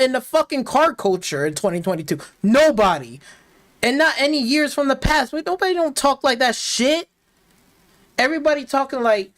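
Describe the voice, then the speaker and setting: A heated live-stream rant from a game streamer, swearing constantly and circling back over the same complaints. Mid-pitched and plainly spoken, they now and then slip into mocking put-on voices to parody bad dialogue. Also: normal speed. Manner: profane, heated, repetitive. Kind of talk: ranting game review.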